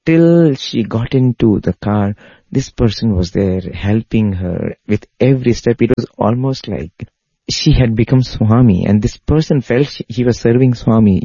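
Deep, dark, husky male storyteller, earnest and repetitive; dry, dull lo-fi sound. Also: no echo. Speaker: spiritual speaker. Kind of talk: devotional storytelling talk. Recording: dull lo-fi recording.

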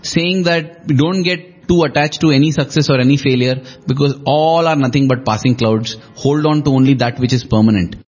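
A man's voice: mid-range voice, normal speed, few pauses, darkish tone, faint music behind. A man in a conversational talk show, telling a story reflectively and acting out quoted lines with shifting emphasis. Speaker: co-host discussing scripture. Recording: dull lo-fi recording.

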